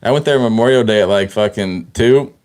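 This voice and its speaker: A man's voice: on the low side, brisk, a little mellow. A man co-hosting a sports podcast, talking in a loose, profane, joking way. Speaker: podcast co-host. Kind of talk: casual sports chat.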